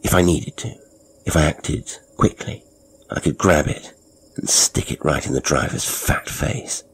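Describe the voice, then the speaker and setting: A man narrating a horror story in the first person, with a brooding, measured delivery. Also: very deep voice, slight background noise.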